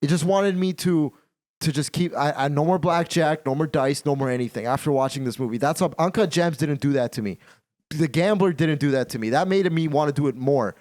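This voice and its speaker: Man, podcast host, casual chat, animated, repeats himself, swears. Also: on the high side, fairly quick. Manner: animated, repetitive, swearing freely.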